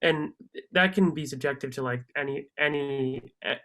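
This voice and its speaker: A man's voice: medium pitch, normal speed, pushed and bright. Meandering male interviewer, mid-range voice. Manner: long, meandering questions with many "like" fillers. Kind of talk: casual interview questions.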